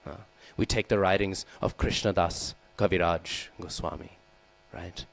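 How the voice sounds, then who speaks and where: A man's voice: steady tone, measured pace, gravelly, rough recording. A man giving a scripture class in a temple, often checking in with his listeners with "hmm?" and "right?" and acting out quoted lines. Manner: acts out quoted lines with raised voice. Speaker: devotional class speaker. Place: temple hall. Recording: low mains hum behind.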